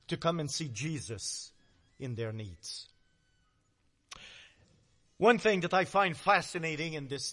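A man preaching a sermon, dramatic, swinging between loud emphasis and hushed low words. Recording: long hall reverb.

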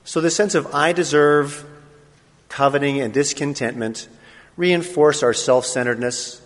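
A male pastor preaching a sermon in a relaxed, conversational way, with pauses and fillers. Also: medium pitch. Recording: long reverb of a large hall.

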